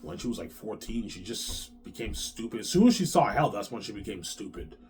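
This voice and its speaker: A man with a lowish voice delivers a long, rambling monologue to his viewers. He swears often, circles back to the same points and keeps restarting his sentences. A faint background hum sits under the recording. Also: big pitch swings, a little fast, darkish tone. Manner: rambling, repetitive and profane, with frequent restarts. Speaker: vlogger.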